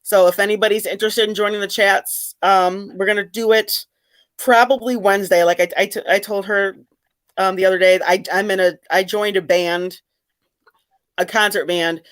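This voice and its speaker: A middle-aged woman hosting a casual video chat with fans, talking in an animated way with many restarts. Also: mid-range voice, moderate pace. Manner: chatty, animated, frequent restarts. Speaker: host of fan discussion chat.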